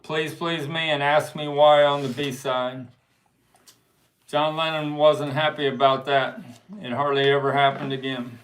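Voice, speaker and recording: A man hosting a casual livestream, showing and pricing records from his collection in an unhurried show-and-tell manner. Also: on the high side, little pitch movement, poor audio. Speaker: livestream host selling records. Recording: faint background noise.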